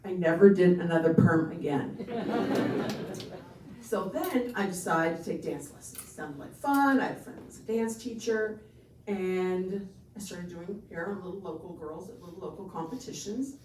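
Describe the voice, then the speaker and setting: A woman doing a stand-up comedy set, telling an animated story and acting out the other people's lines. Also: fairly low pitch, moderate pace. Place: comedy venue stage. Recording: echoey room from far off, noisy.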